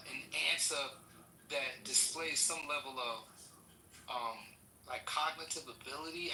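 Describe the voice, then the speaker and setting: A man's voice: on the high side, sharp tone, slight background noise. A man in a heated casual chat, exasperated and profane, stammering through many restarts. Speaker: participant in an online political chat room. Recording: distant mic in a roomy space.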